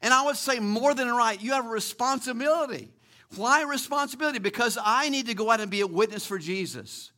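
A middle-aged man preaching a sermon, stressing and repeating key words and slowing down to drive a phrase home. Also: very high-pitched, sharp tone. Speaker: pastor.

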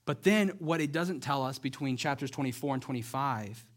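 A man preaching a sermon, retelling a Bible story in a lively, conversational way and acting out the characters' lines. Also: mid-range voice, normal speed. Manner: conversational, checks in with "right?".

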